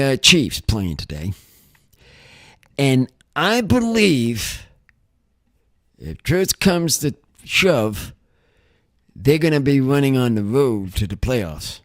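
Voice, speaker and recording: A man's voice: medium pitch, dry recording, studio quality. A man hosting a casual livestream podcast, rambling and repeating himself. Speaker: podcast host. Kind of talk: casual chat.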